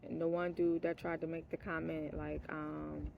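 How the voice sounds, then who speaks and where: A woman vlogger telling a personal story in a casual monologue, blunt and profane, dropping to hushed asides and then rising into heated outbursts, laughing now and then. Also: low voice, little pitch movement, moderate pace, creaky, muffled recording, background noise. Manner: laughs mid-sentence.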